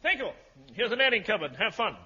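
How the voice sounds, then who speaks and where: An actor playing a flustered, pompous male prime minister, full of excitable exclamations in a 1950s radio comedy. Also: high-pitched, fast, background noise. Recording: dull 1950s radio broadcast with audience laughter.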